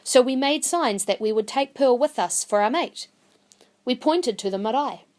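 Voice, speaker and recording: A woman voicing an older Māori woman, earnest and indignant, speaking higher and pleading. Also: lively intonation, normal speed, darkish tone, lightly acted. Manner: pleading, rising and emphatic.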